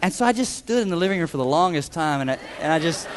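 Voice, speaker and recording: A man preaching a sermon, telling a self-deprecating personal story with animated, humorous storytelling. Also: on the high side, fast, long reverb tail, a little hiss or hum. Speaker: pastor.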